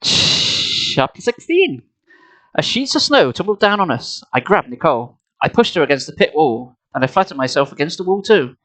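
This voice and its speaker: Reading a children's horror story aloud live, this man uses a slightly high, somewhat bright voice with big pitch swings, moving a little fast with few pauses. He's streaming from home through a desk mic and laptop, and he breaks up the passages with playful asides that mock himself.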